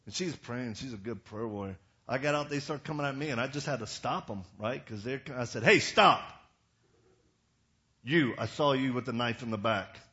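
An older man preaching, telling a story and acting out the other people's lines with sudden loud bursts. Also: mid-range voice, brisk, hardly any pauses. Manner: animated, acts out quotes with sudden loud bursts. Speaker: evangelist preacher. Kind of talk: storytelling sermon. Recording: dull lo-fi sound.

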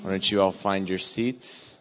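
A man casually introducing a guest speaker to a church group, joking and relaxed. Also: medium pitch, moderate pace, highs cut off, soft background music.

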